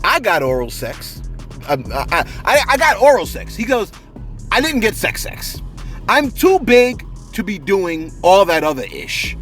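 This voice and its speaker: A man hosts a celebrity gossip show in a loose, joking style full of slangy asides. His voice sits a little high and jumps around a lot. Faint music plays behind him. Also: big pitch swings, a little slow, a bit bright. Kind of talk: casual celebrity commentary.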